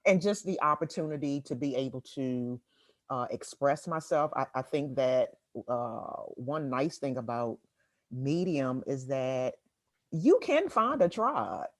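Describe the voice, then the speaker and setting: Slow-talking woman guest, laughs a lot. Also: very deep voice, animated, dry recording, studio quality. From Washington, D.C. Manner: laughs often, halting with fillers. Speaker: guest writer and real estate agent. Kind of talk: casual interview conversation.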